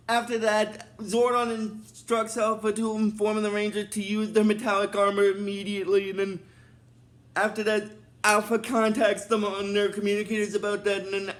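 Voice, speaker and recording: A man's voice: high voice, monotone, normal speed. A man casually recapping a TV episode, rambling along with many fillers. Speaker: show recap host.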